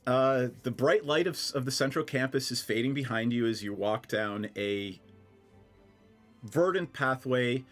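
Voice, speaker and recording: A man running a tabletop game as game master, narrating in a relaxed way with fillers. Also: medium pitch, a little slow, faint music behind.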